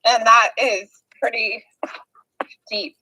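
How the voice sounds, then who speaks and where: A woman's voice: on the high side, fairly even intonation, slow, sharp tone, rough recording. A young woman chatting casually during a tarot reading game, hesitant and giggly with nervous rambling. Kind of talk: casual chat.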